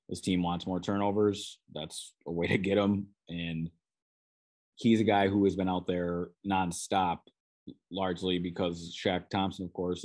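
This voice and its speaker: A man's voice: low voice, a little mellow. A man with a Minnesotan accent, a sports beat writer, talking through football analysis on his podcast in a loose, conversational way with frequent restarts.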